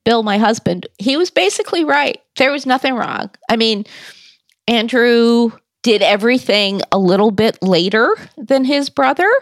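A woman's voice: a little high, lively intonation, normal speed, dry recording, studio quality. A woman guest in an interview, telling a personal story in a candid, conversational way with wry humor.

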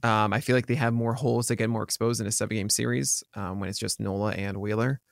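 A man's voice: lowish voice, steady tone, quick pace, gravelly, no room sound, clean studio sound. A man co-hosting a casual sports podcast, chatty and rambling with many fillers and restarts. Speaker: podcast co-host.

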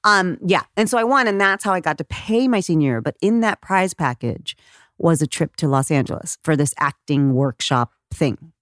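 Guest, middle-aged woman from Texas, low voice, dry close mic, lively storyteller who laughs easily. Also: normal speed, no room sound. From Texas, United States. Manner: animated, laughs often, acts out quoted voices. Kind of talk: conversational interview storytelling.

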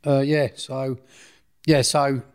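A man's voice: mid-range voice, flat delivery, slow, darkish tone, clean tone. Middle-aged male interviewee, blunt, rambling storyteller who keeps correcting himself. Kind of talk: casual storytelling.

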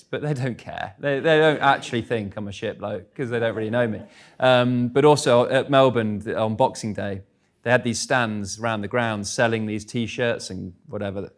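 Chatty English man telling stories. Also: medium pitch. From England. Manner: chatty, self-deprecating, laughs at own stories. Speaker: guest speaker. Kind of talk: live stage interview, storytelling. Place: live event stage.

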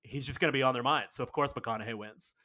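A man's voice: mid-range voice, fast talker, bright, forceful tone. A man co-hosting a podcast, talking casually about films and building his point with example after example. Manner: conversational, builds arguments with examples. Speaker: podcast co-host. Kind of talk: casual film discussion.

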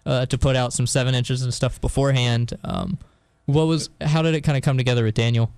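A male interviewer with a smooth, resonant voice, recorded close and dry with almost no room sound. He asks loose, rambling questions padded with fillers, in an easy conversational way. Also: mid-range voice, steady tone, a little fast, a little mellow, dry recording. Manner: hesitant questions full of fillers. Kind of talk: casual interview.

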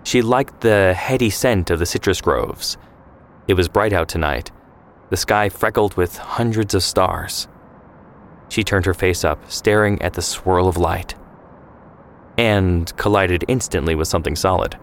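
A man giving measured, scripted narration of a historical story. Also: deep voice, a little hiss or hum. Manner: measured, descriptive.

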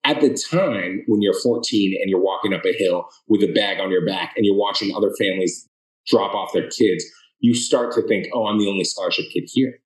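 An author appearing as a guest, a man from the Boston area of Massachusetts, answers interview questions and tells his story earnestly, restarting often. His voice is lowish and brisk, and the low-quality recording sounds roomy.

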